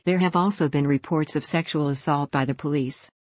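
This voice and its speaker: Low-voiced woman reading the news. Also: fairly quick, dry recording, studio quality. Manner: even, formal read-out delivery. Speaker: narrator. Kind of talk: scripted news narration.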